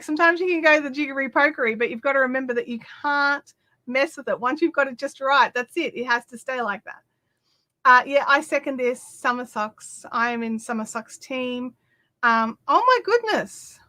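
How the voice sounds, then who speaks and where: Bright, high-voiced woman chatting. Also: normal speed. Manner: chatty and animated, many fillers and asides. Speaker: craft livestream host. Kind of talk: casual live-stream chat reading viewer comments.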